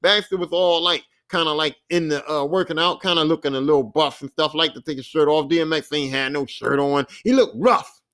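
A man's voice: fairly high pitch, fairly quick, fairly bright tone. A man in his forties hosting a podcast, telling a rambling, profane, self-mocking story. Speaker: podcast host. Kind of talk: casual storytelling monologue.

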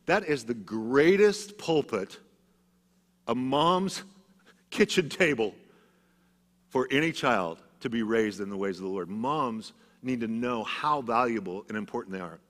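A middle-aged male pastor preaches a sermon full of stories, animated yet measured in pace, swinging from loud emphatic bursts to hushed, low passages. Long church reverb colors the recording.

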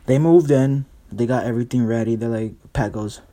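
A man's voice: mid-range voice, brisk, dark tone. A young man hosting a podcast, doing a brash, profane comedy monologue. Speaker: podcast host.

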